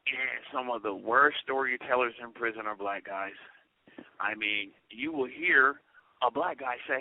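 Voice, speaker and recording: A man on a tinny, phone-like line tells comic stories with lively energy, sprinkling "you know" through his talk. His voice sits at an ordinary pitch for a man, and he is calling in from prison as a guest. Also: measured pace. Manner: animated storyteller, peppers talk with "you know". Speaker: guest, incarcerated comedian. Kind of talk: storytelling comedy chat. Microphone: prison phone call.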